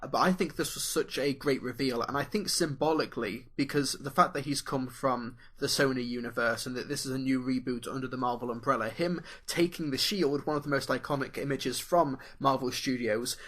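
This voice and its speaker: A man's voice: mid-range voice, fairly quick, hardly any pauses, fairly bright tone. A man with a British accent co-hosting a podcast, chatting casually with dry joking asides. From Britain. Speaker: podcast co-host. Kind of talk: casual chat.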